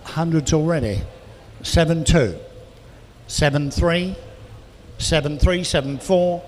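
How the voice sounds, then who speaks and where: Auctioneer calling bids rapidly. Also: male voice, on the high side. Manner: rapid bid calling with chatty asides. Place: auction hall, indoors. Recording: reverberant hall with faint noise.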